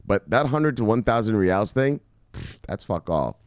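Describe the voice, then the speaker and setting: Man, crypto news commentary, cursing and rambling, low voice, dry close sound. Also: big pitch swings, moderate pace, clear, resonant tone, no echo. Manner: rambling, profane, swings from loud to muttered. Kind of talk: casual profane commentary.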